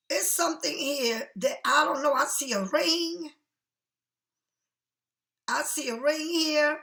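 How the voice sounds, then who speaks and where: A woman's voice: high voice, slow pace, pauses often, sharp tone, echoey room. A woman doing a casual tarot reading for viewers, chatty and frank, swearing freely and calling the listener honey. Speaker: tarot card reader.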